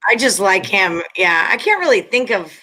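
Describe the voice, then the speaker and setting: A woman with a bright, forceful voice co-hosting a late-night podcast. She chats in a lively way and laughs easily. She also acts out lines from commercials as she goes. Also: medium pitch, normal speed. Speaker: podcast co-host. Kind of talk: casual chat.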